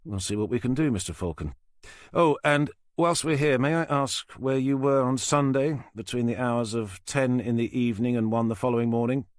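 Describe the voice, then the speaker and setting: A man voicing a calm police inspector who questions in a measured, dry, firm way. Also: medium pitch, dry recording, voice pushed up, close to an everyday voice.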